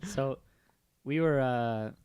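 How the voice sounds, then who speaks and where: A man's voice: medium pitch, lively intonation, slow pace, a little mellow, clean tone. A young man co-hosting a podcast, telling a rambling story with lots of fillers and giggles. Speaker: podcast co-host. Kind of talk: casual chat.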